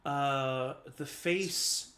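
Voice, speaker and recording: A man's voice: mid-range voice, very slow, sharp tone, reverberant. A man narrating as game master of a tabletop game, hesitant and full of "um"s and "uh"s. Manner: hesitant, with many "um"s and "uh"s.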